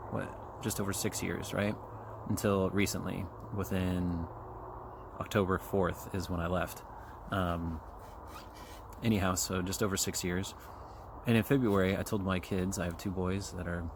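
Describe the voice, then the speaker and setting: A low-pitched man in his forties from Kansas City, USA, hosts a solo podcast while out on a trail, chewing gum as he talks. He rambles casually, swearing and using lots of fillers and asides. Faint outdoor noise sits in the background.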